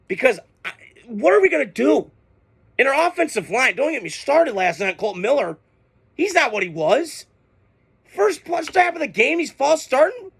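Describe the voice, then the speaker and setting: A man with a high, bright voice and a gravelly edge delivers a casual sports rant. He gets heated and profane, venting his frustration in sudden outbursts. His tone stays sharp and forceful throughout. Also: sing-song, moderate pace. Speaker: sports podcast host. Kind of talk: casual ranting commentary.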